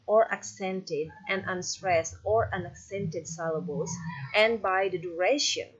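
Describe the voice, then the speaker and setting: A woman's voice: on the low side, a little slow, husky, highs cut off. A woman teacher with an Indonesian accent, whose first language is Indonesian, explaining poetry patiently and tagging her sentences with "yeah". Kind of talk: recorded lecture on poetry.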